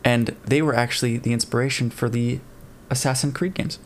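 A man's voice: medium pitch, fairly quick, a little hiss or hum. Casual man telling history. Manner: relaxed storytelling with fillers and laughs. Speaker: podcast co-host.

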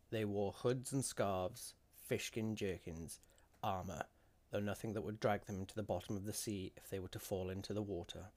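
A man narrating a fantasy story in a measured, deliberate way with dramatic emphasis. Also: fairly low pitch, a little mellow.

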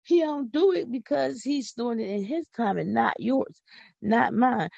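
Husky, gravelly woman preaching with fervor. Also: a little high, unhurried, darkish tone, dry recording, muffled recording. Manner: fervent, folksy, repeats words for emphasis. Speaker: podcast host. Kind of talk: preaching devotional talk. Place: home.

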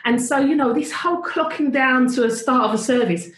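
A woman's voice: high voice, fairly quick, faint music behind. Chatty woman telling a story in an echoey room. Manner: chatty, animated, self-interrupting. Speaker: worship leader. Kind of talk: casual storytelling on a video call. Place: at home.

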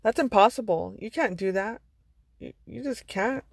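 A woman's voice: medium pitch, moderate pace, dry recording, studio quality, close to an everyday voice. A woman putting on a condescending man who belittles women, in a scoffing, patronizing manner.

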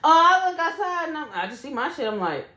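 A young woman with a high voice tells a story to her co-host in loose, profane, animated chat. She acts out the quotes as she goes. The room gives her voice a noticeable echo. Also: quick pace. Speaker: podcast co-host. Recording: echoey room.

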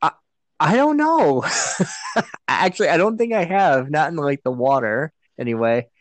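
A man's voice: fairly high pitch, very animated, normal speed, no echo. A man chatting as a guest on a podcast, hesitant and full of fillers, often laughing as he recalls things. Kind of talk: casual chat.

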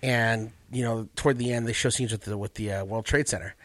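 A man who does stand-up, chatting casually and animatedly, often jumping into high voices to quote people. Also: fairly quick, dry recording. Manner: animated, jumps into high voices when quoting. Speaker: comedian podcast co-host. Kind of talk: casual chat.

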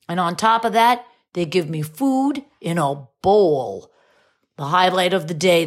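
A woman narrating a children's storybook from a dog's point of view, gentle and expressive, rising high when surprised.

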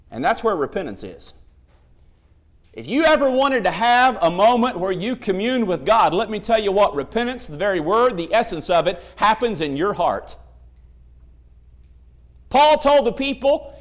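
A man preaching a sermon, emphatic, telling stories and acting out the voices in them. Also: high voice.

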